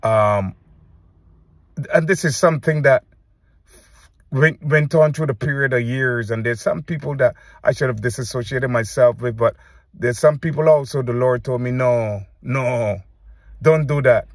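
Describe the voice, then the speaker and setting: A man preacher giving an earnest, halting testimony to camera, often restarting his sentences as he recounts visions. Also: mid-range voice, dry recording.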